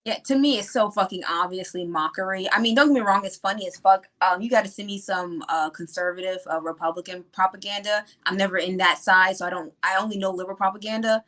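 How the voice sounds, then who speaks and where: A woman's voice: medium pitch, steady tone, bright, forceful tone. Scornful, swearing woman guest. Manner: profane, scornful, quick. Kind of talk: casual political chat.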